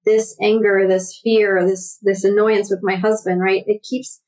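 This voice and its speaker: A woman's voice: mid-range voice, level tone, a little slow, a little mellow, poor audio. Reflective woman in a podcast chat. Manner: reflective, thinks aloud with fillers like "you know". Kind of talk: podcast conversation.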